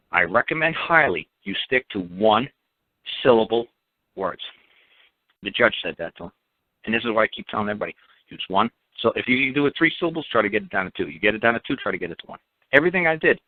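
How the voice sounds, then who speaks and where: A man's voice: mid-range voice, dry recording. Blunt man on a tinny radio line. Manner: blunt, animated, mocking imitations. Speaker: radio show host. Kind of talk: casual radio talk. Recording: tinny phone-like dry audio.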